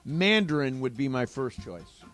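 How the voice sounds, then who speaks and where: Animated middle-aged radio co-host. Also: male voice, medium pitch, a little slow, faint music behind. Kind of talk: sports talk radio banter.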